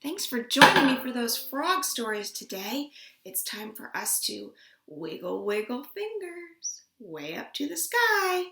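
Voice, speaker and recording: A woman librarian reading a picture book aloud to children from her home, gentle and expressive, with little gasps. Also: high-pitched, unhurried, noisy background. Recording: roomy home room recording.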